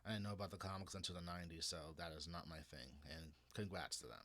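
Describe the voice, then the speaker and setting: Low-voiced man rambling about comics. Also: fast talker, sharp tone. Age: 30s. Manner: rambling, frequent restarts and swearing. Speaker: comics vlogger. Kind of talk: casual opinion monologue.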